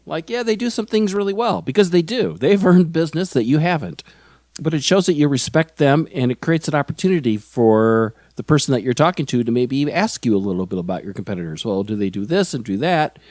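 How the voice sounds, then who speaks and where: A man's voice: mid-range voice, a little mellow, no room sound. A man from Chicago who hosts a sales podcast, speaking in a friendly, conversational way that readily agrees with his guest. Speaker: podcast host. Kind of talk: podcast interview and closing remarks.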